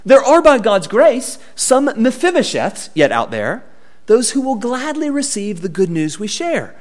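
Expressive high-voiced male preacher. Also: unhurried. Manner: expressive preaching with wide swings in pitch and volume. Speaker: pastor. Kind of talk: sermon.

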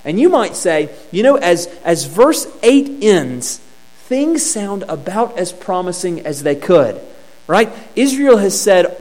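A man's voice: sits high, big pitch swings, takes it slowly, darkish tone. A man preaching a sermon in a conversational teaching tone with a touch of humor, often repeating words as he restarts a phrase.

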